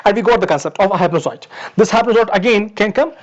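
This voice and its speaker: Male lecturer, high voice, patient repetitive teaching, muffled lo-fi sound. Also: fast. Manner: repetitive, explains step by step, addresses students as "my dears". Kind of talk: pharmacology lecture. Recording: dull lo-fi recording.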